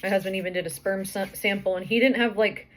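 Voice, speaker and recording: A woman's voice: medium pitch, steady tone, quick pace. A young woman vlogger, out of breath and pregnant, chatting through a rambling personal story full of fillers and restarts.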